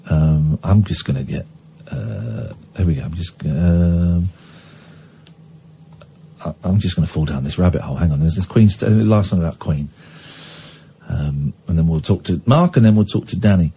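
A man's voice: deep voice, mellow, husky. A man hosting a radio phone-in, rambling and chatty, reading news items aloud with asides. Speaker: radio show host. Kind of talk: casual talk radio with listener calls.

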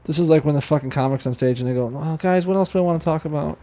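A man with a high voice talks quickly. He rambles through a story, swearing often. The talk is loose, casual chat between podcast hosts. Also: warm tone. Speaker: podcast host.

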